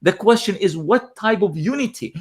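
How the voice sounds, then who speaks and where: A man's voice: high-pitched, animated, normal speed, slightly rough. A man giving live news commentary, impassioned, repeating phrases for emphasis and using many fillers.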